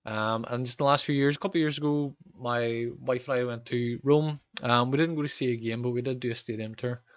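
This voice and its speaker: Northern Irish streamer, thirties, rambling with lots of ums, dry dull-sounding mic. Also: male voice, mid-range voice, fairly even intonation, brisk, dry recording. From Northern Ireland. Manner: rambling, frequent ums, reacts to match events. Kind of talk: live gameplay commentary with chat.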